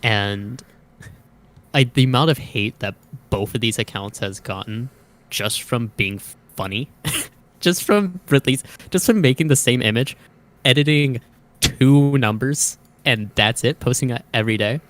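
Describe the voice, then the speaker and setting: A man's voice: medium pitch, a little slow, fairly bright tone, no echo. A man, a podcast guest in casual chat, joking and teasing as he tells stories. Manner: joking, teasing, chatty storyteller.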